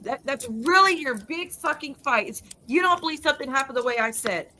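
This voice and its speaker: A middle-aged woman vlogger delivers an angry, profane rant to her audience, her voice bright and forceful and pitched slightly high. She keeps breaking off and restarting her sentences as she pushes through. A faint background hiss sits under the recording. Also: animated. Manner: heated, profane, rapid restarts and self-interruptions. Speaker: YouTube creator. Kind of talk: ranting monologue to viewers.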